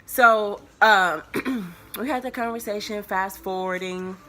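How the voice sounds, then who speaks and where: A medium-pitched female voice takes its time as a woman in her early twenties casually shares a personal story with viewers. It's rambling, with plenty of filler words and restarts, and her tone is relaxed and confiding.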